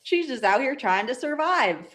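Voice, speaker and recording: A woman's voice: high voice, big pitch swings, moderate pace, a bit bright, slight background noise. A woman co-hosting a live stream, chatting casually and making playful jokes. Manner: playful, jokey. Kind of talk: casual chat.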